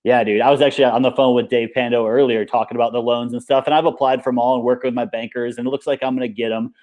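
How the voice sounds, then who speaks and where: A man being interviewed in a relaxed chat, talking in an upbeat, rambling way, full of fillers. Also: mid-range voice, fast talker. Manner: rambling and upbeat, many fillers like "like" and "you know". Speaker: interview guest, paintball coach and business owner.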